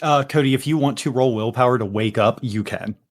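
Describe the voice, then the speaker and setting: A man's voice: medium pitch, a little fast. A man acting as game master, chatting loosely and laughing easily during a tabletop game session. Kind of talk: casual tabletop game chat.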